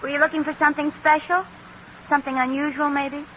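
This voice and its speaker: An actress playing a playful, teasing wife in a 1940s radio sitcom. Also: female voice, high voice, level tone, fast, lightly acted. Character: teasing, knowing young wife. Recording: dull, faintly hissy old radio recording.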